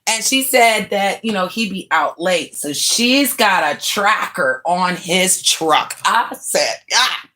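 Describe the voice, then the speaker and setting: A woman's voice: slow, few pauses, a little hiss or hum. A woman hosting a livestream, chatting casually and gossiping to viewers in a slangy, profane way, with laughing asides. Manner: animated, swings pitch up for greetings and quotes. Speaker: livestream host.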